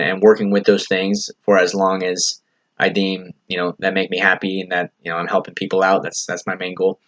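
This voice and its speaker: Earnest rambling low-voiced male podcaster. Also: fairly bright tone, dull audio. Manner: earnest, rambling, heavy on "you know" fillers and swearing. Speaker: podcast host. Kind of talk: casual motivational monologue. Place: lives in California.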